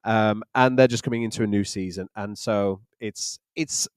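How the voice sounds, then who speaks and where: A man's voice: fairly low pitch, steady tone, normal speed, smooth, dry recording, clean studio sound. A man, co-hosting a live online church Q&A in a chatty, joking way. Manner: jokey, chatty, laughs often. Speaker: church leader and co-host.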